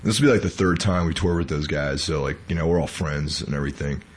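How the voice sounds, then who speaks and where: A man hosts a podcast, his voice extremely low, husky and quick. He's still sick and sounds weak, rambling casually and packing his talk with fillers.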